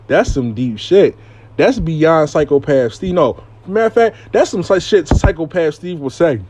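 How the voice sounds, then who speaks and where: Male host, casual storytime, animated and profane, slightly high voice. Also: normal speed, noisy background. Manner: animated, profane, repeats "I lie to you not".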